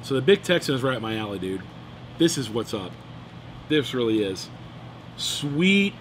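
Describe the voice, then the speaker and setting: A man's voice: mid-range voice, very animated, normal speed, a little hiss or hum. A middle-aged man hosting a cigar review, chatting in an enthusiastic, joking way. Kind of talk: casual chat. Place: room in Phoenix, Arizona.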